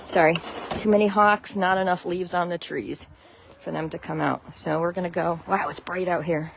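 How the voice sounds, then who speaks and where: Her voice is lowish, creaky, and fairly even in intonation, at normal speed with a little hiss or hum, as this Connecticut woman with a Connecticut accent livestreams from her phone in a snowy chicken run. She chats loosely, welcoming viewers by name and laughing easily. Friendly and rambling, she keeps the conversation going while she walks.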